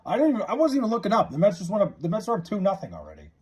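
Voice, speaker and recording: Male streamer, husky voice, lively pitch, loose profane chat with viewers, drawls out joke names. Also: very fast. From New York area. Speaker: livestreamer. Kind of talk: casual live stream chat, reading viewer comments. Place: his house.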